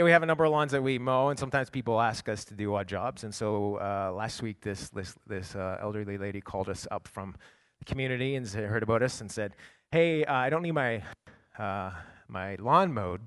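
A middle-aged pastor with a mid-range voice preaches a sermon that includes a personal story. He swings between quiet asides and loud bursts.

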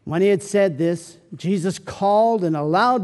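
A man preaching a sermon, swinging from loud pleading questions to soft, hushed comfort. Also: high voice, unhurried, big-room sound.

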